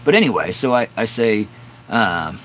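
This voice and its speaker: Fifty-something guy with a low voice rambling through a story on his phone live stream, garage door open, bit of hum behind. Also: lively intonation, normal speed, fairly bright tone, low-quality recording. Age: 50s. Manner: rambling, candid, with many fillers and restarts.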